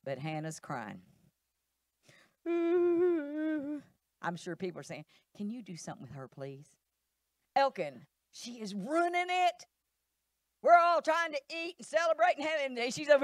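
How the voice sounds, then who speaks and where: A woman's voice: mid-range voice, no room sound, studio quality. A middle-aged woman pastor, preaching animatedly in church and acting out voices. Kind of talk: sermon.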